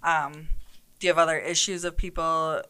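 Low, smooth-voiced woman officer. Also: little pitch movement, moderate pace, sharp tone. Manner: hesitant, filler-heavy questioning. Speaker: police officer co-host. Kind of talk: conversational interview.

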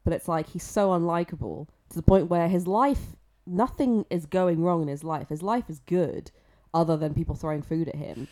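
A woman's voice: fairly low pitch, normal speed, mellow. A young woman co-hosting a podcast, giving blunt, opinionated takes on a film and swearing casually. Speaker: podcast co-host. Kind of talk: casual film review chat.

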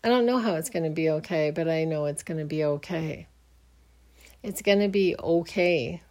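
A middle-aged woman hosting a podcast tells a personal story in a rambling, earnest, reflective way, often restarting and showing a faith-minded outlook. Her voice is deep with a darkish tone at a normal speed.

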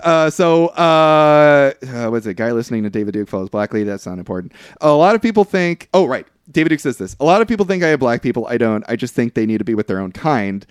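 A man's voice: mid-range voice, sing-song, fast, smooth, no room sound, studio quality. A man casually recapping a film on a podcast, rambling with lots of fillers and the odd curse. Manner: loose, rambling recap with frequent fillers and profanity. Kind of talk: casual chat.

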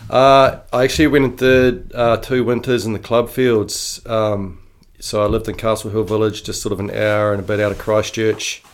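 A man's voice: lowish voice, little pitch movement, normal speed, clear, resonant tone. A middle-aged man with a New Zealand accent, telling stories in a casual, slangy interview, swearing freely. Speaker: interview guest. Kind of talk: casual storytelling.

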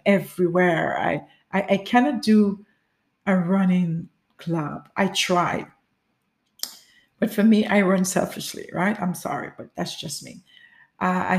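A woman telling a personal story in a casual spoken way, animated, repeating phrases and acting out her own cries. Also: lowish voice.

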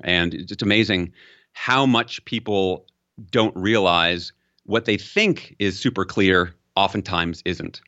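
Speaking slowly with a sharp tone, a communication expert answers interview questions, illustrating ideas with examples and lifting his pitch to emphasize. The high frequencies are cut off in the recording.

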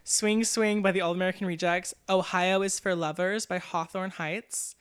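A young woman co-hosting a podcast in casual chat, talking fast and often stumbling over her words. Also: fairly low pitch, steady tone, smooth. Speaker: podcast co-host.

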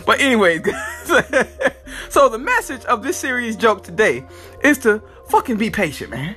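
Bright, lively-voiced podcast man, loose and profane. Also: sits high, brisk, soft background music. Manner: loose and profane, talks straight to listeners. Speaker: podcast host. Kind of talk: casual comic storytelling.

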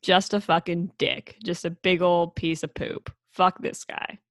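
A woman's voice: a little slow, no echo. A woman co-hosting a casual podcast chat, recapping a film's plot, acting out the characters' lines and swearing freely. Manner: animated, acts out characters with big pitch jumps, swears casually. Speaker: podcast co-host.

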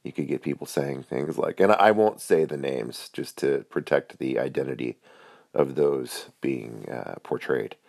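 Deep-voiced man, wry and teasing, dry close recording. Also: a little slow, vocal fry, a little mellow, dry recording. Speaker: caller leaving a voice message. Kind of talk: casual voice message.

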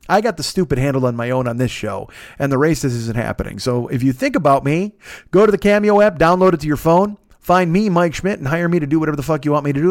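A man's voice: fairly high pitch, no echo, studio quality. Rambling, profane man on a podcast. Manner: profane, rambling, self-mocking, restarts mid-sentence. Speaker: podcast host. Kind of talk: casual rambling plugs and ad reads. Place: desk in his apartment. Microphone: desk microphone.

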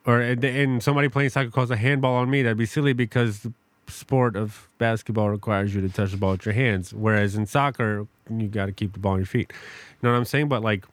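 Lower-voiced man riffing in casual chat. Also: a little fast, dry recording. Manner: animated, rambling sports analogies with many restarts. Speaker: podcast co-host.

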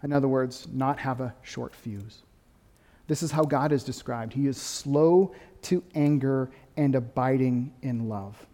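A pastor preaching a sermon, lively and conversational, swinging between quick, louder stretches and soft, dropped emphasis. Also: male voice, medium pitch, in a large hall. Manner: animated preaching, rising and dropping to quiet emphasis.

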